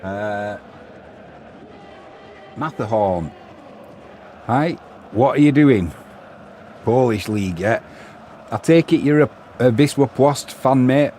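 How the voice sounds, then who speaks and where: This Englishman, middle-aged, runs a live match stream where he chats, jokes with viewers, reads out their messages and comments on play. He speaks slowly and expressively with long pauses, in a mellow medium-pitched voice over slight hiss or hum.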